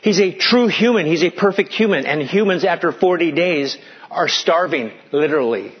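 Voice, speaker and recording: A pastor preaching a dramatic sermon, dropping into hushed tones for emphasis. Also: male voice, a little high, animated, moderate pace, breathy edge, dull audio.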